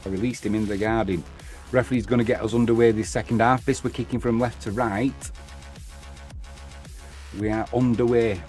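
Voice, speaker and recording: A man's voice: medium pitch, steady tone, moderate pace, long pauses, darkish tone, soft background music. Chatty man calling football. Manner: chatty, reads out viewer comments between plays. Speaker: football commentator and host. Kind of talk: live watch-along commentary.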